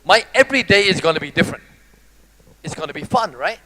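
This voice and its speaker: Man, a high-pitched motivational speaker who is animated and teases the crowd. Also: fast talker, rough recording. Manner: animated, jokey, teases the audience. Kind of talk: live motivational talk.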